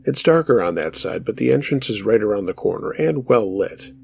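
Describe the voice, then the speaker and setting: A man narrating true scary stories in a measured, steady storytelling manner as the show's host. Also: lowish voice, creaky, slight background noise.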